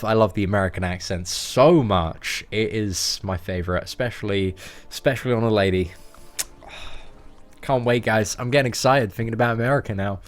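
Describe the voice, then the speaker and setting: A young man, chatting in a rambling, slangy way while livestreaming a game from home. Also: mid-range voice. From England. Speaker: gaming livestreamer. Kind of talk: casual livestream chat.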